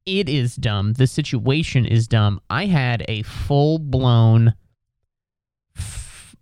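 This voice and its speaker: Man podcasting solo, rambling and swearing at himself, smooth clear tone, dry close sound. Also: mid-range voice, slow, a little mellow, no echo. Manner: rambling, profane, self-deprecating. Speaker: podcast host. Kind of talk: casual comedic monologue. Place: home studio.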